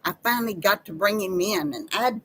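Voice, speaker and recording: A woman's voice: mid-range voice, lively intonation, a little fast, a bit bright, husky, poor audio. A woman, hosting a casual live chat with viewers in a folksy, chatty way. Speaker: live-stream host.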